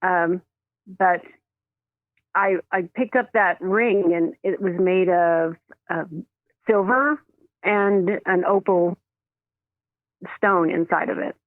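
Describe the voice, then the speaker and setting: A woman who works as a medium, telling stories in an animated way and acting out the voices in them. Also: fairly low pitch, takes it slowly, pauses often, dry recording. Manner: animated, acts out quoted voices, laughs often. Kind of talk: storytelling in a phone interview. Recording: dry tinny phone line.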